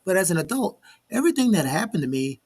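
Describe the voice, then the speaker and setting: A man's voice: high-pitched, quick pace, husky. A man in his forties from Miami, Florida, hosting a live talk show and telling stories with acted-out dialogue. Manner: animated storyteller, acts out the dialogue. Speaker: show host. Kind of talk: casual chat on a live show.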